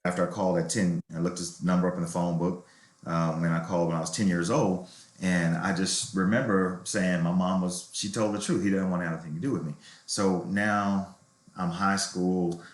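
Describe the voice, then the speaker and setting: A middle-aged man with a low voice tells a personal story candidly and reflectively. His voice carries a roomy echo, as in an interview recorded in an open room. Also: steady tone, moderate pace. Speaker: novelist guest.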